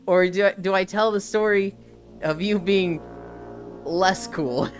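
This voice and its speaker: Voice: mid-range voice, slow, music in the background. A live streamer chatting casually with viewers, laughing often and reading chat messages aloud.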